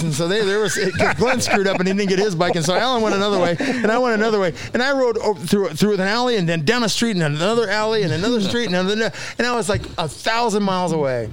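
A man telling a childhood story in casual conversation, laughing often and acting out the voices of the people in it. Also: high-pitched. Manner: animated, laughing through his story, acts out quotes.

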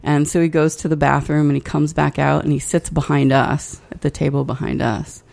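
Low, gravelly-voiced sarcastic woman. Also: level tone, a little fast, a little mellow. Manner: dry, sarcastic, swears freely. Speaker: podcast co-host. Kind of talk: casual chat.

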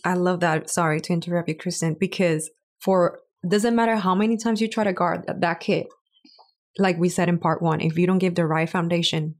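Storytelling mom with a lowish voice. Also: female voice, fairly even intonation, brisk. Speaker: podcast co-host. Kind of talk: casual chat, storytelling.

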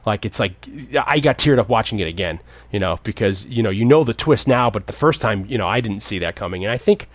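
A man in his thirties co-hosting a casual movie podcast, rambling and often jumping up in pitch to act out the characters. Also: lively intonation, quick pace, no room sound. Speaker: podcast co-host.

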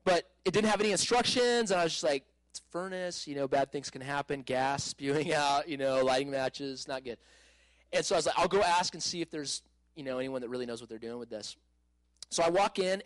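High-voiced man telling a story. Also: a little fast, no room sound, poor audio. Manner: animated, laughing, many fillers and restarts. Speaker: speaker telling a personal testimony. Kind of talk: casual storytelling testimony.

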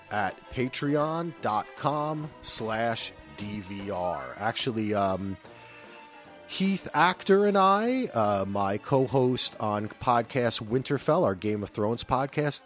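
A man in his thirties hosting a podcast, chatting casually and loosely, with animated asides. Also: mid-range voice. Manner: loose, rambling, breaks into animated voices for anecdotes. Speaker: podcast host.

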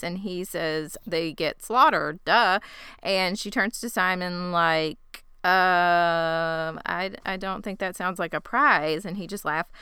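A woman's voice: fairly low pitch, bright, forceful tone, clear, resonant tone, dry recording, studio quality. A woman co-hosting a casual recap podcast, joking and sarcastic as she retells scenes. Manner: playful, sarcastic, laughs often. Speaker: podcast co-host recapping a TV episode.

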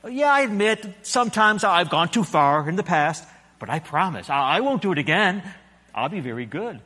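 A preacher voicing a small demon lizard that chatters and coaxes in a high voice. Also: male voice, very animated, moderate pace, pushed and bright, exaggerated voice. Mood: wheedling. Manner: chattering, coaxing. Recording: echoey hall.

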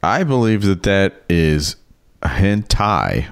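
A man trades wisecracks on a podcast in a fairly low voice. He laughs easily and teases his co-host playfully. His pitch bounces around with lots of swing. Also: big pitch swings, slow, clear, resonant tone, soft background music. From Illinois. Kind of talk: casual comedic chat.

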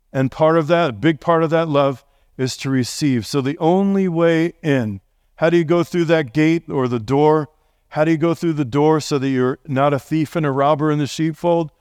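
Middle-aged pastor guy preaching, kinda high voice, dry close sound, chatty with lots of questions. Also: clear, resonant tone, dry recording. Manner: conversational, animated preaching with rhetorical questions. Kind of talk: sermon. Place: church sanctuary.

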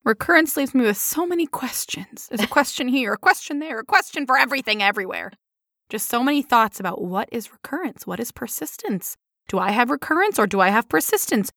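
A woman's voice: fairly high pitch, lively intonation, brisk, fairly bright tone, no echo, studio quality. A woman co-hosting a podcast, bantering playfully and tossing out theatrical questions. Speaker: podcast co-host.

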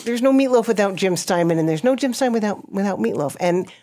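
Animated woman comedian chatting. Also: medium pitch, fast talker. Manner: animated, jokey, lively storytelling. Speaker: comedian guest. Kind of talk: casual podcast chat.

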